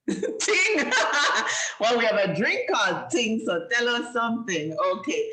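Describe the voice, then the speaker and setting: Over a video call, a woman with a Jamaican accent hosts a children's show, sounding encouraging and teacherly and laughing often. Her slightly high, sharp voice swings widely in pitch at a normal pace during the lively chat with kids.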